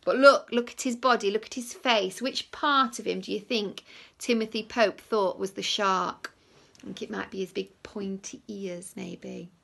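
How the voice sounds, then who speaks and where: A woman teacher reading a picture book aloud to young children, lively, with hushed whispered asides. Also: medium pitch, normal speed, vocal fry.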